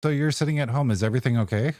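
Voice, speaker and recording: A man's voice: medium pitch, racing, darkish tone, dry recording, clean studio sound. A man streaming as a flight-sim air traffic controller, chatting casually, rambling and correcting himself as he goes. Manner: rambling, self-correcting, laughs easily. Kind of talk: casual chat on a live stream.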